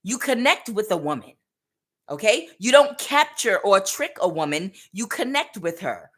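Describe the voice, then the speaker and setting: A woman's voice: mid-range voice, sing-song, moderate pace, a bit bright. A woman giving a casual spiritual tarot reading, speaking emphatically and directly to the listener. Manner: emphatic, repetitive, direct address. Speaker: tarot reader.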